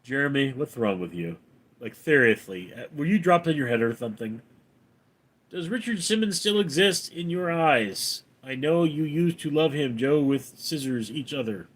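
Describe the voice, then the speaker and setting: A man hosting a livestream, reading viewer comments aloud and answering them in a deadpan, offhand way. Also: on the high side, moderate pace. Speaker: livestream host reading chat. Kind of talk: casual livestream chat.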